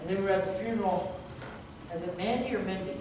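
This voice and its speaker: A man's voice: high-pitched, fast talker. Male pastor, conversational sermon full of restarts; distant mic in a very echoey church. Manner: conversational preaching with frequent restarts and repeated words. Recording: very echoey hall, distant mic, background noise.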